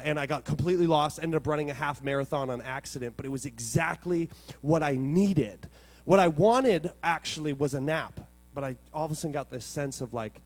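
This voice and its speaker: A male pastor preaching a sermon as animated storytelling, moving between quiet reflection and loud, excited moments. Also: medium pitch.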